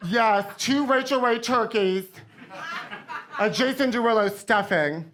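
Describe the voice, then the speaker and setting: A woman with a slightly high, somewhat bright voice speaks at a measured pace as a comedy guest in character. Before a live theater audience, she plays a brash, self-adoring diva pop star, rambling campily and calling everyone honey.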